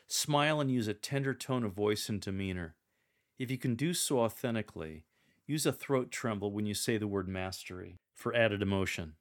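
A man coaches a lector on reading scripture aloud, speaking deliberately and instructively while performing sample readings in a mid-range voice.

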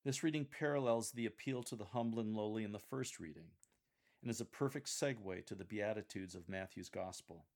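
Man, low-pitched, measured instructional tone, coaching scripture readers. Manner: calm, measured, explanatory. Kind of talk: instructional coaching on reading aloud.

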